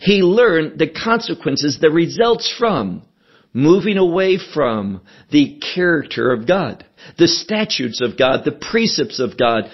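A man teaching through a Bible passage in a radio broadcast, speaking slowly and deliberately and leaning on each quoted verse. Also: on the high side, muffled recording.

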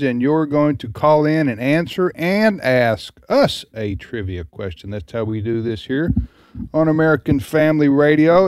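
A man's voice: a little high, clean tone, dry recording, studio quality. A man hosting a casual call-in radio show, upbeat and repeating the show details. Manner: upbeat, repeats phone number and show name. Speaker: radio host.

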